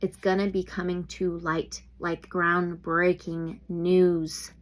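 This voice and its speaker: A woman's voice: fairly low pitch, flat delivery, takes it slowly. A woman doing a tarot reading, thinking aloud and often exclaiming. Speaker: tarot reader.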